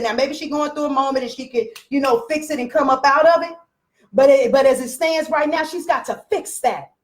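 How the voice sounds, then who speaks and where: A woman business coach giving a blunt, profane, preachy talk and addressing her viewers directly. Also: sits high. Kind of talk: live motivational rant.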